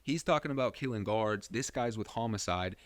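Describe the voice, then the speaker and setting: Low-voiced young man telling a story. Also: brisk, dry recording. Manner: profane, rambling, full of fillers. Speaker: podcast host. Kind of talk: casual storytelling.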